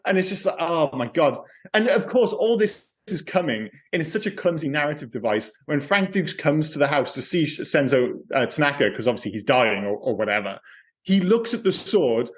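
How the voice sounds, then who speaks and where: A man co-hosting a podcast, chatting casually about a movie in an animated, swearing, ranting manner. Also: a little high, brisk. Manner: animated, swears often, goes off on rants. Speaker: podcast co-host.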